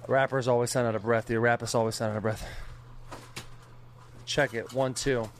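A young man co-hosting a podcast, talking in loud, hyped, rambling and jokey banter. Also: mid-range voice, flat delivery, normal speed, slight background noise. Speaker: podcast co-host.

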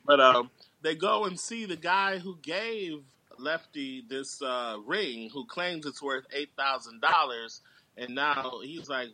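A man's voice: on the high side, sing-song, slow, bright, forceful tone, no echo. A man, a podcast guest, recapping a film plot in a rambling, casual way with many filler words.

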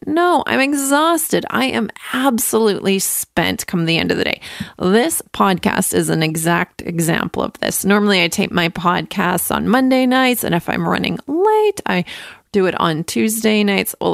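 A woman's voice: mid-range voice, sing-song, moderate pace, gravelly, no room sound, studio quality. A woman in her thirties hosting her own podcast from home, chatting upbeat and acting out her own thoughts as she talks. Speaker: podcast host. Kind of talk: casual solo podcast talk.

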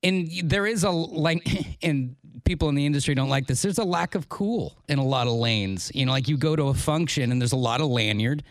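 A man's voice: fairly high pitch, animated, a little fast, hardly any pauses, dry recording. A man co-hosting a morning radio show, joking wryly in casual banter. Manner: wry, joking. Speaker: radio co-host.

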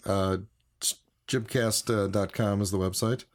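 Low-voiced podcast host signing off. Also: male voice, fairly even intonation, unhurried. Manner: dry joking, reads out the show's links. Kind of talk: casual podcast chat.

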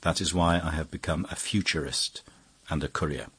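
Grave young futurist, earnest and declaiming, low husky tone, dry close sound, read by a man. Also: steady tone, moderate pace, fairly bright tone, dry recording, heavily acted. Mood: enigmatic.

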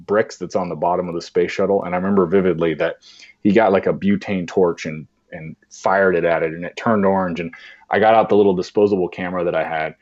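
A man's voice: low voice, quick pace. A man, a podcast guest, telling a personal story in conversation and acting out the voices he quotes. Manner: animated, acts out voices in quotes. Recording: dull lo-fi sound.

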